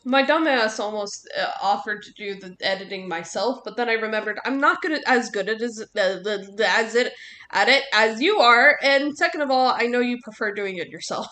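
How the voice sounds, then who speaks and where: A woman's voice: fairly high pitch, normal speed, pushed and bright, slight background noise. A woman in casual chat, rambling and correcting herself mid-sentence. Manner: rambling, self-correcting restarts.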